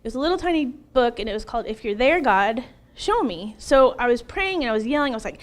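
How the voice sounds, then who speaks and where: A middle-aged woman in an interview, telling her personal testimony in an emotional, animated way, laughing often and acting out what she once said. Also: fairly high pitch, quick pace. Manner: animated, laughs often, acts out her own past words.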